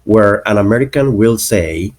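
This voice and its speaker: A man narrating a lesson on English accents, explaining slowly and deliberately and spelling out example words. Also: fairly low pitch, expressive, darkish tone.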